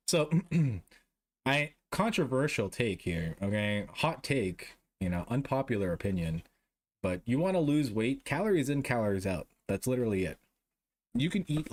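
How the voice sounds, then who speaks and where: A man streaming a casual chat with his viewers, ranting with lots of swearing and frequent laughs. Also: medium pitch. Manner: profane, ranting, laughs often.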